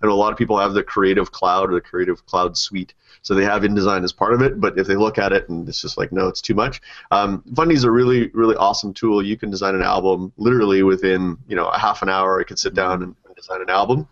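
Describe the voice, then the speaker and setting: Low voice guy hosting a podcast, chatty, muffled lo-fi sound. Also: fairly even intonation, fast, hardly any pauses, a bit bright. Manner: upbeat, chatty, with fillers. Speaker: podcast host. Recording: dull lo-fi audio.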